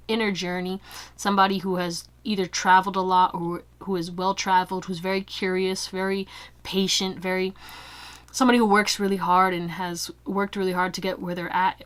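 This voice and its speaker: A young woman giving a casual pick-a-card tarot reading, chatty and quick to laugh, full of fillers. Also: lowish voice. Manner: chatty, laughs often, many fillers like "like" and "you know". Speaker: tarot reader.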